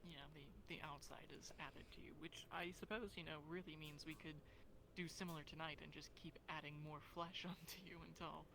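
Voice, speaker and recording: A speaker in a casual roleplay chat, playing a handler and talking calmly and drily, with hesitations. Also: mid-range voice, fairly quick, gravelly, slight background noise.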